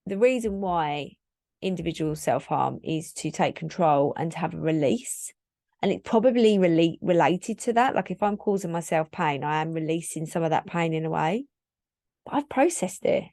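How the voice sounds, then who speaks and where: A woman's voice: fairly low pitch, a little mellow, dry recording, studio quality. A woman in her thirties hosting a solo podcast, talking in a candid, reflective, rambling way with lots of "like" fillers. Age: 30s. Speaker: podcast host.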